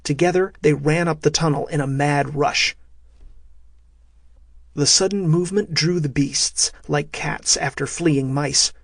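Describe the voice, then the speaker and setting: A man narrating a thriller audiobook in a steady, measured way. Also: a little high, creaky, no echo, studio quality.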